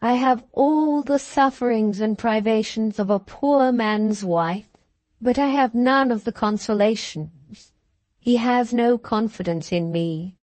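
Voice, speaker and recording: A woman voicing an aggrieved gentlewoman in a period audiobook, complaining in a plaintive tone. She speaks slowly in a somewhat high voice. The sound is dry and close. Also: no echo. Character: aggrieved, self-pitying aristocratic wife, middle-aged woman.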